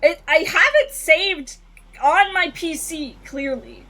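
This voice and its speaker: A woman streamer casually chatting through a game, animated, swearing often and laughing between lines. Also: extremely high pitch, slow.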